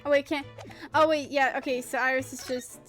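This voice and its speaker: A woman's voice: sits high, fairly even intonation, brisk, fairly bright tone. A woman streaming a game live, chatty and self-interrupting as she reads the game text aloud. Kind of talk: live game playthrough commentary. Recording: game music under the voice. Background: game music.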